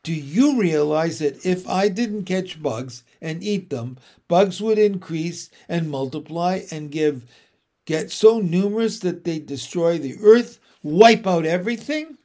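A man voicing a calm, clever spider lady. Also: high voice, measured pace. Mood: explaining. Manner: cool, practical, plainly explaining. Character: calm, matter-of-fact female spider, small and clever. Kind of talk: storybook read-aloud.

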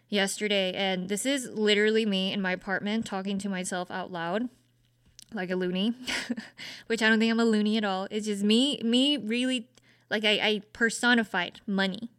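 Earnest young woman, smooth dry voice. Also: mid-range voice, fairly bright tone, dry recording. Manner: earnest, self-searching, frequent "like" fillers. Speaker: podcast host. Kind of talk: casual reflective monologue.

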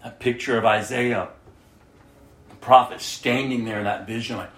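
A woman's voice: extremely low pitch, steady tone, moderate pace. A woman preaching a sermon, emphatic, acting out the prayers she quotes. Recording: roomy echo.

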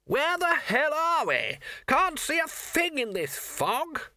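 A man voicing an impatient, blustering senior wizard who shouts in exasperation. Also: extremely high pitch, wildly swooping pitch, takes it slowly, no room sound, clean studio sound, voice pushed up, heavily acted. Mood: exasperated.

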